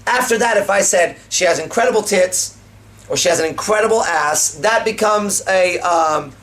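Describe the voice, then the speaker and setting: A man's voice: high voice, moderate pace. A man coaching on dating in a casual seminar, swearing freely and acting out pickup lines as he explains them. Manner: profane, animated, acts out pickup lines.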